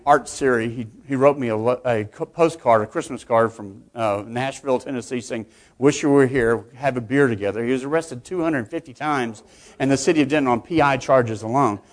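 Addressing fellow judges at a conference, a middle-aged Texan municipal judge speaks conversationally at a moderate pace in a mid-range voice, frequently repeating and restarting words.

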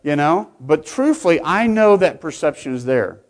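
A man's voice: on the high side, sing-song, moderate pace. A middle-aged man, a municipal judge, giving a conversational conference speech to fellow judges, often repeating and restarting words. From Texas.

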